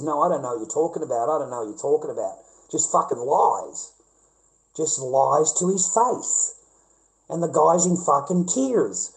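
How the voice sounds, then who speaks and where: Older Australian bloke, livestream rant into a phone, profane and repetitive, a touch high-pitched. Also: male voice, rough recording.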